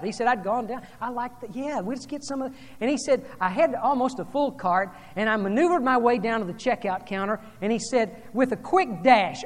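A woman preacher delivering a sermon, telling a story and then speaking in hushed, earnest tones. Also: fairly high pitch. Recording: long hall reverb.

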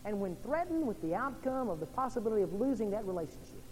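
A man from Oklahoma or Texas, a pastor preaching an evening sermon in a church, swinging between loud and hushed delivery. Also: very animated, fast. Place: church sanctuary. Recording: long reverb in a large hall, faint rumble.

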